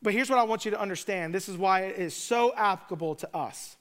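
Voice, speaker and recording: A man's voice: high voice, quick pace, few pauses, fairly bright tone. A man preaching a sermon, retelling scripture in a casual, joking way with conversational asides. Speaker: pastor.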